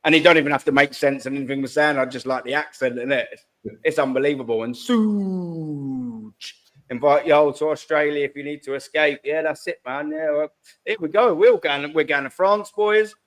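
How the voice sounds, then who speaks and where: A man hosts a live fan call-in stream, chatty and slangy, swearing freely and calling everyone mate. His voice is a little high and a bit bright, at a moderate pace.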